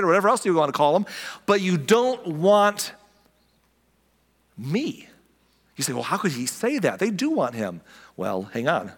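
A man with a fairly high voice delivers a relaxed, conversational sermon. He retells the story in everyday speech and slips into quick acted lines for the people in it. The long reverb of the church hall trails behind every phrase. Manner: conversational, acts out the characters' lines. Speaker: pastor. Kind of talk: casual sermon.

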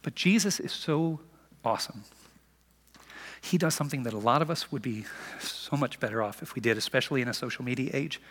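A man preaching a sermon as pastor, animated and conversational, acting out the lines he quotes. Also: mid-range voice, brisk, in a large hall.

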